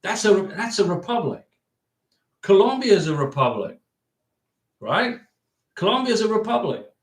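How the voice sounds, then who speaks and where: This American livestream host offers visa advice in a voice that sits high and swings widely in pitch, at a normal speed in an echoey room. He chats loosely with viewers, answers their comments, and rambles while hammering his points home through repetition.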